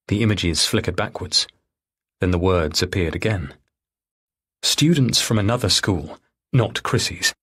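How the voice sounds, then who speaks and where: A man narrating a mystery thriller audiobook in a steady, measured reading. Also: lowish voice, slightly rough. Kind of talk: scripted narration.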